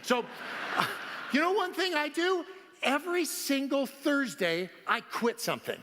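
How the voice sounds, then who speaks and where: Excitable speaker, man, high voice, keeps cracking himself up; big hall echo. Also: a little slow, slight background noise. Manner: laughs often, animated and excitable. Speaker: conference speaker. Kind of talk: storytelling keynote talk. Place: large conference hall.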